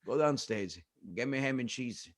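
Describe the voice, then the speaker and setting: A man's voice: medium pitch, expressive, normal speed, dry recording, studio quality, voice pushed down, natural voice. A man putting on his blunt, impatient Italian-American father, who barks short orders. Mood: gruff. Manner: gruff, barking short orders.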